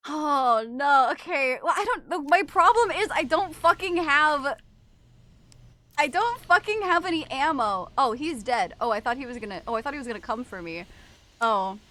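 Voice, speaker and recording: Young woman, game streamer, high lively voice, bright tone, excitable, swears a lot. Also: moderate pace. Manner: excitable, swears often, screams and laughs. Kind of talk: casual gameplay chat with chat.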